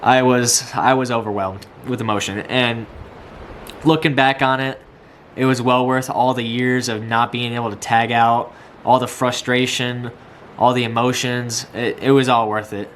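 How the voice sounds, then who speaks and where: A young man from Iowa vlogging about a hunt outdoors, excited and rambling, out of breath, with camera audio. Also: medium pitch, normal speed, a little hiss or hum. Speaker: hunting vlogger. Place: outdoors in a field.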